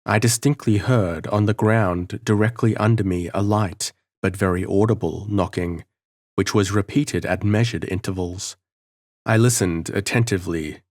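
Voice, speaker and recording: A man reading a gothic novel as an audiobook narrator in a measured, dramatic manner. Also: low voice, steady tone, dry recording, studio quality.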